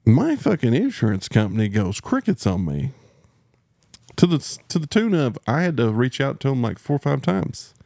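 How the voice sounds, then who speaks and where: A man's voice: mid-range voice, very animated, normal speed, creaky, warm tone, no echo, studio quality. A man with a Texan accent telling a story on a podcast, heated and profane, mocking the people he dealt with. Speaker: podcast host. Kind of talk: casual storytelling rant.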